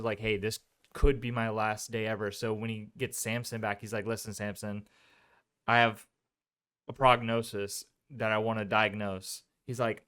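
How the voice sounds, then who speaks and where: A man's voice: fairly low pitch, a bit bright, smooth. A young man co-hosting a podcast, reviewing a movie in a rambling, casual way full of "like" fillers. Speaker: podcast co-host.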